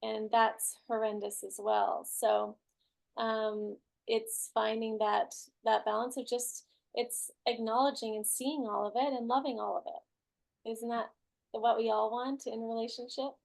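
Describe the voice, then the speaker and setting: A woman's voice: on the high side, level tone, unhurried, gravelly, a little mellow. A woman hosting an online group class, talking casually with lots of "like" and "right?". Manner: chatty, many "like" and "right?" fillers. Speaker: class host.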